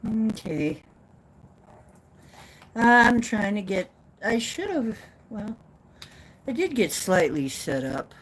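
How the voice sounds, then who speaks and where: Woman, Midwestern accent, unhurried, rambling, playful, casual livestream host at home. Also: medium pitch, big pitch swings, husky. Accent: Midwestern American. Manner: rambling, playful, self-teasing.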